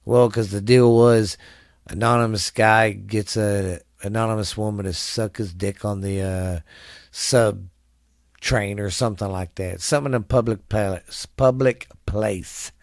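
A man's voice: lowish voice, steady tone, unhurried, creaky, dry recording, studio quality. A tired man hosting his own podcast in loose, rambling, crude casual chat, coughing and trailing off. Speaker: podcast host.

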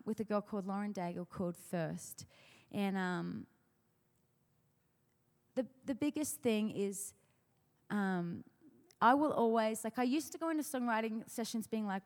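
A woman songwriter telling a story to an audience in a chatty way, full of fillers and restarts. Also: mid-range voice. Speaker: worship songwriter speaking at an event. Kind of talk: casual storytelling talk. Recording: long hall reverb.

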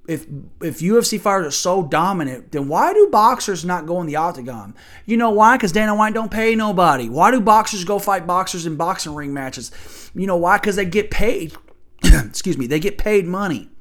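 A man's voice: fairly high pitch, a bit bright. A man hosting a podcast and delivering a blunt, profane sports rant full of rhetorical questions. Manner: argumentative, asks rhetorical questions. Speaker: podcast host.

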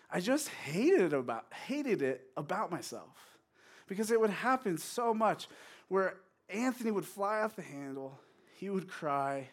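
High-voiced animated young preacher, a man. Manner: animated, acts out his own yelling and crying for laughs. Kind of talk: storytelling sermon.

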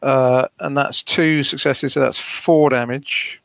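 A man playing in a tabletop game, deliberate and wry, asking careful rules questions. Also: mid-range voice, fairly even intonation, gravelly, a bit bright, dry recording. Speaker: player. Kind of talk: casual tabletop play.

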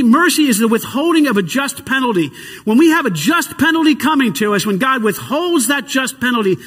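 A pastor preaching an impassioned sermon, swinging between hushed and shouted passages. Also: male voice, high-pitched, breathy edge. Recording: long hall reverb.

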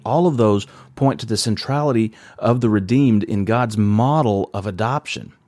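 A man's voice: medium pitch, a little mellow, no room sound. A man in his thirties preaching a sermon, earnest and conversational, asking the congregation rhetorical questions.

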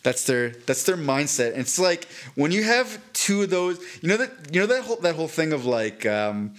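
A man's voice: on the high side, sing-song, normal speed. A man co-hosting a podcast, talking in a rambling, casual way, restarting his sentences often and swearing freely. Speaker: podcast co-host. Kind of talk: casual chat.

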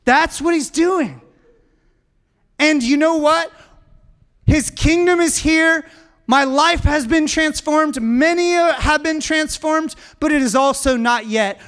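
A man's voice: very high voice, fairly bright tone. A man preaching a sermon to a congregation, building emphatic lists and calling on the listeners to answer back. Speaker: pastor.

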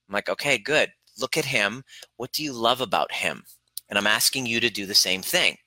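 A man speaking as a relationship coach, his voice very bright and forceful. He talks earnestly and with emphasis, acting out his client sessions as quoted dialogue. The recording is dry and close, with no room sound. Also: lowish voice, expressive, normal speed, dry recording, rough recording. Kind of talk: coaching talk to camera.

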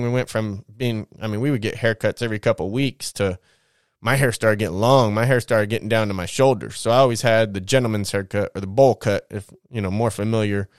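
A man's voice: medium pitch, clear, resonant tone, no echo, clean studio sound. Candid, profane man telling a life story. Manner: candid, profane, animated when quoting people. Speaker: vlogger. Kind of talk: casual personal storytelling.

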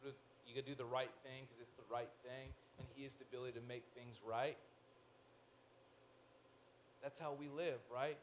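A male pastor preaching a sermon in an animated way, with joking asides, swinging from loud to hushed. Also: medium pitch, moderate pace, long pauses, a little hiss or hum.

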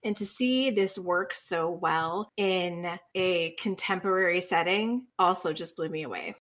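A woman co-hosting a podcast, speaking in a thoughtful, measured way. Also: on the low side, a bit bright. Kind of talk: casual podcast chat.

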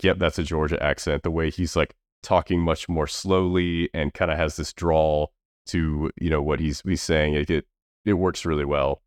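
With an extremely low pitch, a man chats casually about films as a podcast co-host, rambling and frequently restarting or using fillers. The sound is dry and studio quality.

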